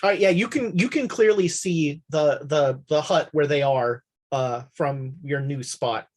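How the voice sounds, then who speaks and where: Breathy woman narrating a tabletop game. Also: low voice. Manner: relaxed, halting narration with many fillers. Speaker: game master.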